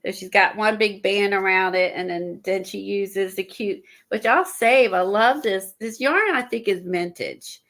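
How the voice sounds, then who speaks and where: A woman chatting casually on an art livestream, a little out of breath and stuffy, rambling with halting fillers and restarts. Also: mid-range voice, fairly bright tone. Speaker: guest showing art supplies.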